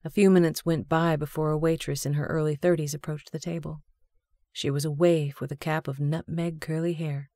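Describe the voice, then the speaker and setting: Woman, audiobook narration, mellow, steady storytelling, dry recording. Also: low voice, moderate pace, no room sound. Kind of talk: scripted narration.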